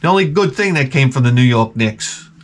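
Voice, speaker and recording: This man has a mid-range voice with lively intonation, and he speaks briskly. On his own channel he rants through a rambling, profane comic story, acting out its characters.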